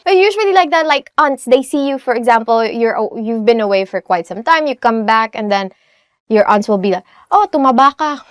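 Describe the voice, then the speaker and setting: A woman's voice: a little high, brisk, dry recording, studio quality. A young woman with a Filipino accent teaching a casual language lesson, chatty and laughing often as she asks "right?".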